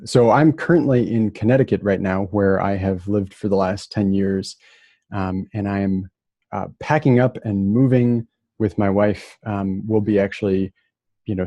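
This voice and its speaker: Low gravelly man giving a casual lecture. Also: measured pace, no room sound. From Minnesota. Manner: relaxed, many fillers and restarts.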